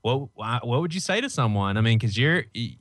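A man's voice: medium pitch, sing-song, a little fast, fairly bright tone, no echo. A man hosting a podcast, asking questions casually and stumbling a little as he starts them. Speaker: podcast host. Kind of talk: casual interview chat.

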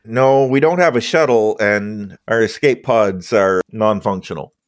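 A man's voice: fairly low pitch, unhurried, no room sound, clean studio sound, natural voice. A man playing a desperate male cargo ship captain who pleads urgently for help.

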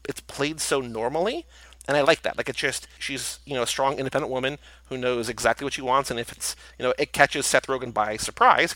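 Man, podcast co-host, casual movie chat, bright tone, animated, lots of fillers. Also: medium pitch, dry recording, poor audio.

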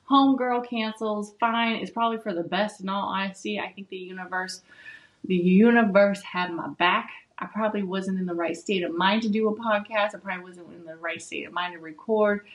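Young adult woman, solo podcast host, blunt and profane, animated casual talk. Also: medium pitch, poor audio. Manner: blunt, swears a lot, animated and chatty. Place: home with dogs.

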